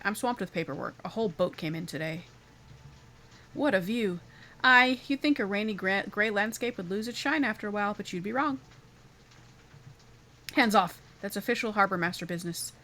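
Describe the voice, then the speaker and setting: A sarcastic, overworked harbor mistress buried in paperwork, read by a woman. She sounds bright and snappy, pitch jumping around. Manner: sarcastic, exasperated.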